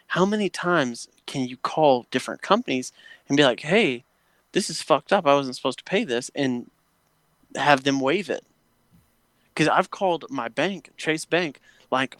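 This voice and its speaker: A man's voice: medium pitch, a bit bright, dry recording. A man, chatting casually and telling long, profane stories as he rants about everyday annoyances. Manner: profane, ranting storyteller. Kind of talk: casual chat. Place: home patio.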